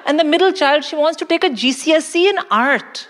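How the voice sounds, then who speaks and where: A woman's voice: high-pitched, brisk, fairly bright tone. A middle-aged woman from India, doing blunt, profane, mock-outraged stand-up comedy on a live stage. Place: live venue stage in London. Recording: live hall reverb.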